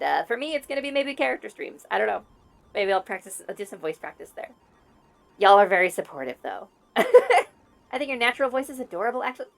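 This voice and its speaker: Woman, 30s, streamer, voice-changed, candid and halting, gravelly edges, soft game music behind. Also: medium pitch, dry recording. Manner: earnest and candid, hesitant with frequent restarts. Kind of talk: casual livestream chat, reading chat aloud.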